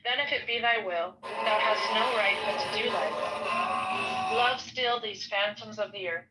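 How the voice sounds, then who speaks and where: A woman slowly reading an old ritual text aloud in a solemn way, stumbling now and then over hard names. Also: medium pitch, animated, very noisy.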